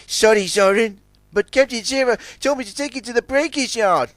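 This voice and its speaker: A man voicing a nervous young male tugboat in a storybook reading, speaking high and worried. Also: moderate pace, fairly bright tone, no room sound. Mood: anxious. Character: anxious young male tugboat, easily flustered.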